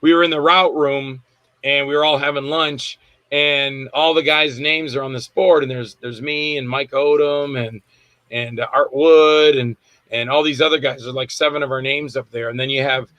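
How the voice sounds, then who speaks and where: A man's voice: mid-range voice, steady tone, normal speed, a bit bright, no room sound, poor audio. A man being interviewed as an actor, telling rambling anecdotes and acting out the quotes with laughs. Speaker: actor guest. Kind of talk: casual storytelling interview.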